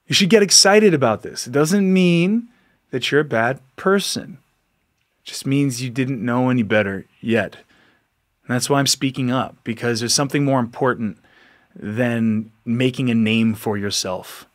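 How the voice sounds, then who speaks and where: A man's voice: mid-range voice, unhurried. A man hosting a podcast, giving an earnest, exhorting motivational monologue, often repeating himself and laughing between lines. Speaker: podcast host.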